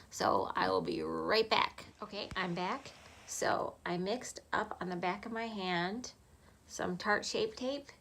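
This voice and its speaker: A woman talking through a makeup tutorial in a soft, chatty voice, often dropping to a half-whisper. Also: on the low side, gravelly. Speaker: makeup vlogger.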